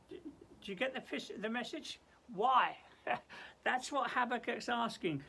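Church devotional speaker, gravelly, earnest and emphatic, stammering restarts. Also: medium pitch, a little slow, sharp tone. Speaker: church leader. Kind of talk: daily Bible devotional and prayer.

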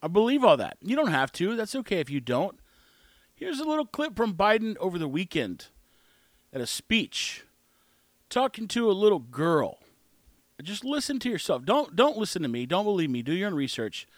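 A man's voice: high voice, very animated, moderate pace, no echo. A man hosting his own show, rambling through an opinionated casual monologue. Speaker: podcast host.

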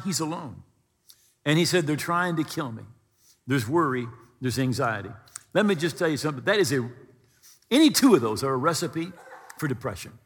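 Older male pastor, 70s, fairly high husky voice, expressive sermon delivery, long hall echo. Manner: expressive preaching, reading scripture aloud with sudden rises and drops in pitch.

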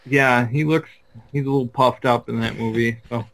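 A man's voice: medium pitch, fairly even intonation, moderate pace, creaky, fairly bright tone. A man co-hosting a casual podcast chat, talking in a laid-back, easygoing way. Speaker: podcast co-host.

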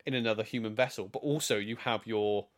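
A man's voice: fairly low pitch, brisk. Rambling man on a podcast. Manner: rambling, many restarts, laughs often. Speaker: podcast co-host. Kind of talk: casual chat.

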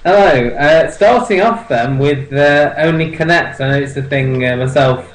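A man's voice: fairly high pitch, moderate pace, echoey room, poor audio. A man co-hosting a casual chat, easygoing and a little hesitant. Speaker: podcast co-host.

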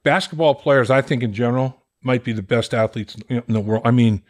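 An older man in his sixties from Massachusetts, a podcast guest telling lively stories in casual chat and acting out the voices of the people he quotes. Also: mid-range voice, fairly quick. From Boston area, Massachusetts. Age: 60s. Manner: animated, acts out quoted voices, laughs while telling stories. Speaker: podcast guest, former pro football player. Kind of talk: casual storytelling.

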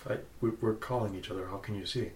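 A man's voice: on the low side, fairly even intonation, fast, darkish tone, echoey room. A man playing in a tabletop game, talking in a casual, thoughtful way. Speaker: player.

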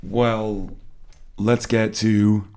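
A man's voice: lowish voice, flat delivery, extremely slow, darkish tone, clear, resonant tone. An American man co-hosting a podcast in casual chat, easygoing and slangy. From United States. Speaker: podcast co-host.

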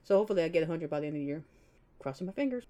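A woman's voice: deep voice, expressive, racing, warm tone. A woman hosting her own podcast, talking to listeners in a loose, rambling, chatty way. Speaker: podcast host. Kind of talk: casual solo podcast monologue.

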